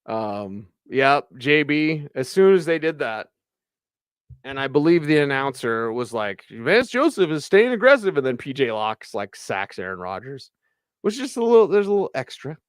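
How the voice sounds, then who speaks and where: Chatty, excitable sports radio host. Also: male voice, mid-range voice, smooth, no room sound, studio quality. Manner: excitable, chatty, fast bursts. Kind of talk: live postgame show reading viewer comments.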